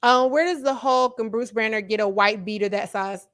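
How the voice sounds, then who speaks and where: A woman hosting a casual livestream, chatting to her viewers and reacting as she talks, animated and quick to laugh. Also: a little high. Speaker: livestream host.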